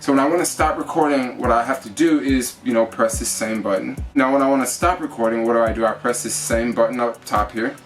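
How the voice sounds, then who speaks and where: Talking a little fast with few pauses, a man with a mid-range voice vlogs about his camera gear, rambling chattily and leaning on fillers. He's a travel vlogger recorded from a distance on a GoPro with a shotgun mic, soft music in the background.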